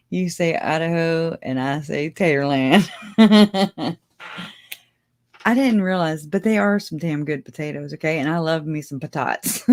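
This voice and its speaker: A woman's voice: deep voice, a little mellow. A woman hosting a casual livestream, rambling and chatty, laughing often and talking straight to her viewers. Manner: speaks to viewers directly. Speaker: livestream host.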